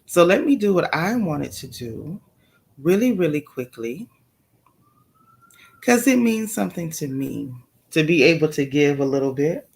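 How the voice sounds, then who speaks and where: A woman's voice: low-pitched, big pitch swings, unhurried, gravelly, long pauses, darkish tone. A woman hosting a live stream, chatting casually and repeating phrases for emphasis. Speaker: livestream host.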